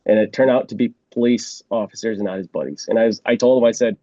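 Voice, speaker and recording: A man's voice: on the low side, fast talker, dark tone, dry recording, lo-fi sound. A man who used to be a police officer tells a story in a casual way, acting out the scene and laughing often. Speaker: former police officer guest.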